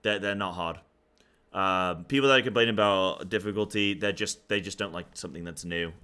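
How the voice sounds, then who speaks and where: A man's voice: low voice, a little fast, bright, forceful tone, smooth. A young man streaming, chatting casually about a game and rambling in loose, filler-heavy sentences. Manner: talks in loose run-on thoughts with many fillers.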